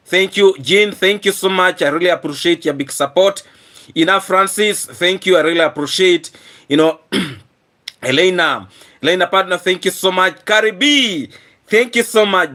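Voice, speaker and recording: Hoarse guy on a live stream, kinda high and bright voice, keeps clearing his throat. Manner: repetitive, earnest thank-yous. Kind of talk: casual live stream chat, thanking viewers.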